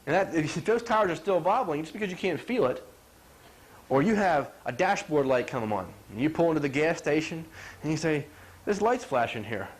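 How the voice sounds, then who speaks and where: Animated high-pitched man lecturing. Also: a little fast. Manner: animated, acts out quotes, asks "you follow?". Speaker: chiropractor giving a talk. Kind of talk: folksy health talk to a small audience.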